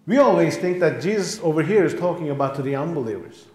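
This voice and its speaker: Emphatic preacher in an echoey church. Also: male voice, a little high, lively intonation, quick pace, darkish tone. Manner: emphatic preaching, repeats phrases for stress. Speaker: pastor. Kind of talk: sermon. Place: church sanctuary.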